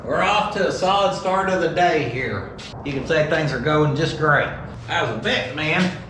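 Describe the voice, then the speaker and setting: A man's voice: a little high, normal speed, background noise. A man, chatting casually and jokingly in a vlog while working on an old car at a shop. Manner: joking, folksy, talks to his car. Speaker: car restoration vlogger.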